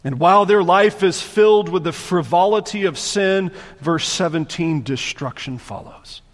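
A man's voice: animated, a little slow. Emphatic male preacher in a reverberant hall. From Southern United States. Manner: emphatic, repeats phrases for force, drops to quiet low tones. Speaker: pastor. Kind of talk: sermon.

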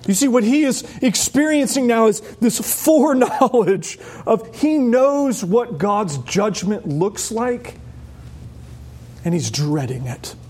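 A man with a high tenor voice preaching an expository sermon, animated and acting out voices. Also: slow pace.

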